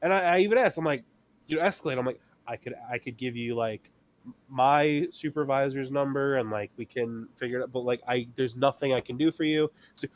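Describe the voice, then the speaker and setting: A man's voice: mid-range voice, a little fast. A man co-hosting a casual chat podcast, telling stories about difficult customers and acting out both sides of the exchanges. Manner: storytelling, acting out customers and himself. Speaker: podcast co-host.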